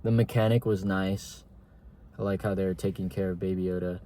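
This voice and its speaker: Young adult male reviewer, lowish warm tone, loose slangy delivery. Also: fairly even intonation, brisk. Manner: slangy, rambling, heavy on filler words. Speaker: TV show reviewer. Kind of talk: casual spoken review.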